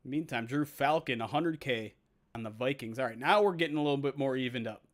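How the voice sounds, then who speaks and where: A man's voice: mid-range voice, slight background noise. A man streaming a football video game simulation, chatting casually with viewers, laughing at himself and calling the plays. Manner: chatty, self-mocking, quick to laugh. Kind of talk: casual live-stream chat and play-by-play.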